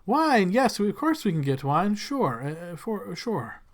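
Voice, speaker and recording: A man's voice: high-pitched, very animated, moderate pace, voice pushed up. A man voicing a nervous, overly polite male servant in a tabletop game, stammering and apologizing. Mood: flustered.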